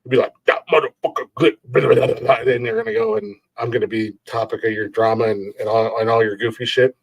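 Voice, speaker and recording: A man's voice: mid-range voice, fast talker, vocal fry. A man hosting a podcast, ranting in a rambling, profane way and laughing at his own jokes. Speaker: podcast host.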